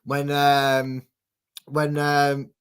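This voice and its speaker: A man hosts a relaxed football prediction show. His voice sits a little high, and he talks in a chatty, teasing way while reading out viewers' score picks. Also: drawn-out words, smooth. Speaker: host. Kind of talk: casual football prediction chat.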